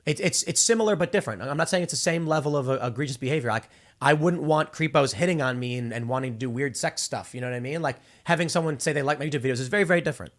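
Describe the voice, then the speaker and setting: A man's voice: mid-range voice, racing. A male host in his thirties giving casual opinion commentary, rambling and restarting with repeated words. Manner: acts out quoted people in exaggerated voices.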